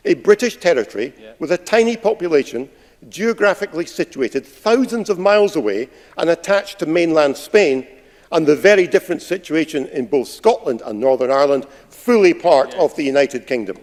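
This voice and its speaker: An opposition politician, a man, pressing a minister with pointed, sarcastic questions in formal parliamentary language. His voice is a little high for a man. The large chamber adds a long reverb to his speech. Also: lively intonation, a little fast, a little mellow.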